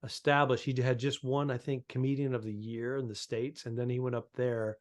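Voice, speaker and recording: A man, a stand-up comedian, chatting on a podcast and telling animated road stories with quoted voices. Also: mid-range voice, a little fast. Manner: animated storyteller, acts out quotes. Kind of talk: casual chat.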